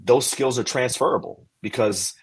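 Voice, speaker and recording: A man's voice: mid-range voice, normal speed, slightly rough, poor audio. A man, a podcast guest, casually and animatedly explaining career steps, posing questions as he goes.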